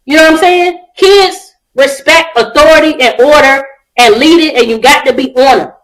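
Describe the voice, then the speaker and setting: A woman's voice: high voice, moderate pace, fairly bright tone, rough recording. A woman co-hosting a casual podcast, blunt and profane, acting out quotes as she talks. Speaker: podcast co-host. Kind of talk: casual chat.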